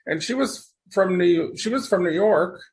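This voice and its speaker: High-pitched guy rambling thru a story on a podcast, animated, lots of restarts. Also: unhurried. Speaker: podcast guest. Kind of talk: casual storytelling conversation.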